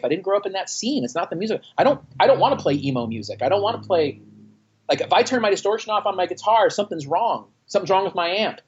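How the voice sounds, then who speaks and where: Mann aus Texas, fluchend und lebhaft erzählend. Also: male voice, high-pitched, fast, husky, dull audio. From Austin, Texas. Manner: profane, animated storytelling with acted-out quotes. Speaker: former band frontman, guest. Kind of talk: casual interview over a call. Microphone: internet call.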